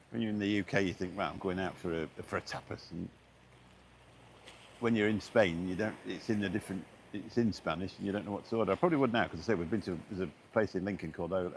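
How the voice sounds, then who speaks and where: Deep-voiced rambling man outdoors. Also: fast, slight background noise. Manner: rambling, chatty, many fillers and restarts. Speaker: vlogger live-streaming. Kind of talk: casual live-stream chat. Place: outdoors on a beach walk.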